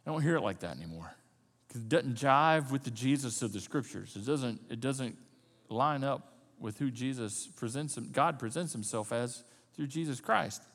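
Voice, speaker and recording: A man preaching a sermon as the pastor, telling the story in an animated way and acting out the scenes. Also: mid-range voice, moderate pace, in a large hall.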